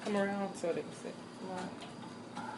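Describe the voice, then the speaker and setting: A woman's voice: medium pitch, fairly even intonation, moderate pace. A woman in casual home-video chat, coaxing and encouraging a cat with a toy. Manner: coaxing, encouraging pet talk. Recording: roomy, distant with background noise.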